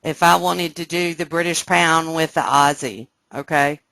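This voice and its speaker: A woman teaching a live trading webcast, explaining step by step and often checking that listeners follow, sounding excited. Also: deep voice, measured pace, gravelly, dry recording. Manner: excited, animated. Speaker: trading instructor. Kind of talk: live trading room lesson.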